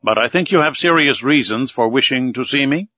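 A man's voice: mid-range voice, a little fast, close to an everyday voice. A man voicing a reserved, grave sea captain who speaks in a cool, formal way. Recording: dull, dry recording.

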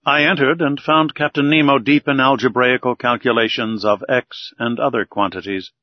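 A man narrating an audiobook in a steady, measured reading. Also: mid-range voice, no room sound. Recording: dull, dry recording.

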